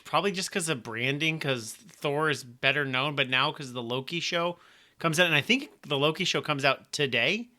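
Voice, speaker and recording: A man's voice: fairly high pitch, moderate pace, sharp tone. A man co-hosting a podcast, chatting casually and hedging often. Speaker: podcast co-host. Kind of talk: casual chat.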